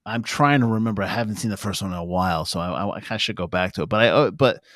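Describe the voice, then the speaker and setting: A man with a fairly low voice chatting about a film on a podcast, working out his thoughts as he goes and circling back on his words. The recording is close and dry. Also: rapid-fire, fairly bright tone, dry recording. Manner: thinking aloud, with restarts. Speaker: podcast co-host. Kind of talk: casual film review chat.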